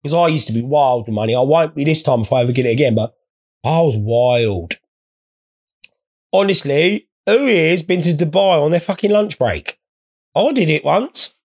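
A man's voice: on the high side, lively intonation, moderate pace, darkish tone. A man telling rambling, sweary comic anecdotes in a blokey way. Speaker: storyteller. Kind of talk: comic storytelling.

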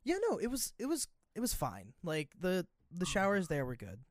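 A woman's voice: on the low side, moderate pace, dry recording, studio quality. A young woman co-hosting a casual podcast, telling a school story with acted-out quotes and plenty of swearing. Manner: animated, swears freely, acts out quotes. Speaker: podcast co-host. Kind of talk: casual chat.

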